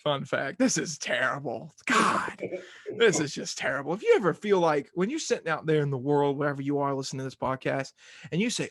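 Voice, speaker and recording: A man's voice: on the high side, brisk, a bit bright, no room sound. A young man hosting a sports podcast, talking casually in rambling, self-mocking rants. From Arkansas fan, southern US.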